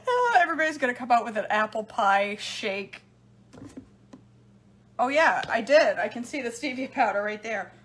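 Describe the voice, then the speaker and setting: A middle-aged woman talks casually in her home kitchen while she mixes drinks. She laughs often and speaks straight to her viewers. Her voice sits a little high, and faint background noise runs under it. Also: big pitch swings, moderate pace, a bit bright. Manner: chatty and laughing often, talking to live viewers. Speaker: home cooking vlogger.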